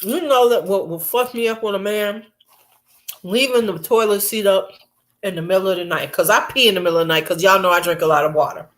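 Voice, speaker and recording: A woman chatting casually to her camera at home late at night, blunt and quick to laugh, acting out her coworkers as she goes. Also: mid-range voice, a bit bright. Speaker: vlogger. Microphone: camera mic.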